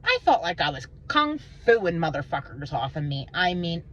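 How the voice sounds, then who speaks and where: A woman vlogging an emotional personal monologue, intense and rambling, swearing and swinging between low and high pitch. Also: very animated, normal speed, muffled recording, background noise.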